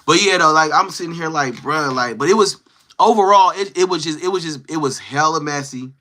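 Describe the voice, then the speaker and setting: Brief: slangy male storyteller, voice a bit high, sharp and forceful, acts out others' lines. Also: fairly quick. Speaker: live-stream host. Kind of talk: casual storytelling.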